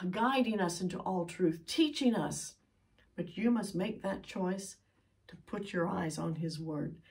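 A woman's voice: mid-range voice, a little mellow. Older woman Bible teacher, earnest pleading sermon, recorded at a distance from the mic. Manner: earnest, pleading, with emphatic sighs of "oh".

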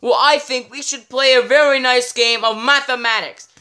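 A man's voice: very high voice, fairly even intonation, moderate pace, bright, forceful tone, clean tone, heavily acted. A man playing a sophisticated, polite grown man in a fan-made skit, speaking formally and properly. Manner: formal, well-spoken.

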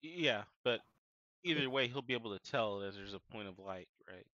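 A man playing a tabletop game, working out his turn aloud with pauses and fillers. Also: fairly low pitch, lively intonation, sharp tone. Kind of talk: casual game chat. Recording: dull lo-fi mic.

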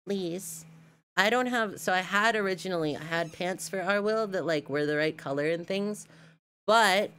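A woman's voice: on the low side, slight background noise. A woman streamer chatting casually while reacting to clips, giggly and talkative with lots of fillers.

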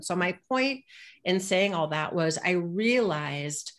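A woman with a fairly low voice tells personal stories to a panel audience. She is blunt and humorous and swears without hesitation. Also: animated, slow. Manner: frank, humorous, swears freely. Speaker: panel speaker. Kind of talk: candid personal storytelling.

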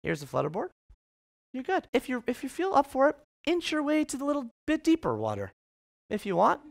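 A man quoting a matter-of-fact woman swim teacher, in a brisk, instructing way. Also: very high voice, huge pitch swings, gravelly, pitched above the performer's own voice, heavily acted.

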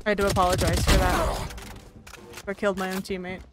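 A young woman streaming a shooter game, chatting casually with teammates, excitable and quick to laugh and swear. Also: medium pitch, background noise. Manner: excitable, laughs often, swears while playing. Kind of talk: casual gaming chat. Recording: game music underneath.

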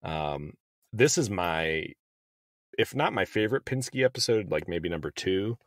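A man's voice: low-pitched, very animated, measured pace, fairly bright tone, dry recording, clean studio sound. A man co-hosting a podcast, chatting in an upbeat, casual way. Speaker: podcast co-host.

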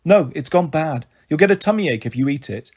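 A man's voice: on the high side, expressive, fairly quick, a little mellow, husky. A man voicing a brave, anxious young girl who pleads and reassures her family.

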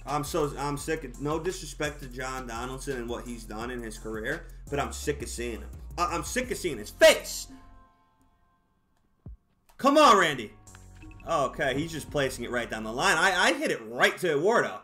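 A man commentating his own baseball video game, excitable and exasperated, shouting at his players. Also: medium pitch, moderate pace, soft background music. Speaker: gaming YouTuber. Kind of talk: live gameplay commentary.

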